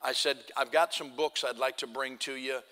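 A male pastor, telling a story in a sermon, pausing often and dropping his voice low in the sad parts. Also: fairly even intonation. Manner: halting, many fillers, drops quiet for sad parts. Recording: long hall reverb.

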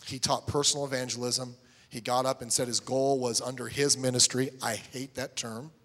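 A man's voice: mid-range voice, fairly even intonation, moderate pace, fairly bright tone, big-room sound. A middle-aged man preaching a sermon as a pastor, telling stories and acting out both sides of conversations.

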